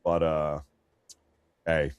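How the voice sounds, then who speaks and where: A man's voice: very deep voice, monotone, extremely slow, smooth, no echo. An American man hosting a livestream, giving casual news commentary in a blunt, crude, joking way. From United States. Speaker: livestream host.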